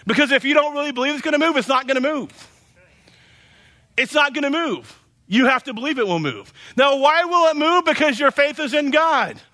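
A man's voice: very high voice, fairly quick, bright, forceful tone. A man preaching a sermon as pastor, emphatic and repetitive, often tossing in "you know".

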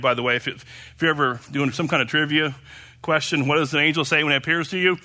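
A man's voice: high-pitched, brisk, pushed and bright. A man from Oklahoma preaching a casual sermon, rambling and chatty with many fillers and restarts.

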